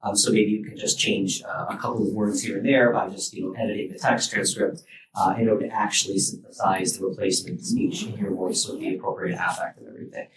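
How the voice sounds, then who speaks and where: Male researcher at a workshop talk, halting delivery, roomy and distant mic with faint noise. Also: on the low side, fairly even intonation. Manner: loose and halting, many fillers and restarts. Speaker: university researcher giving a talk. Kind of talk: technical lecture. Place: lecture room at a workshop.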